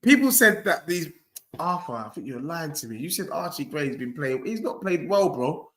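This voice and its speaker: A young man hosts a football watchalong stream, cockily trash-talking and answering his chat directly in live banter. His voice is a little high, fairly bright, and very animated, delivered at a moderate pace.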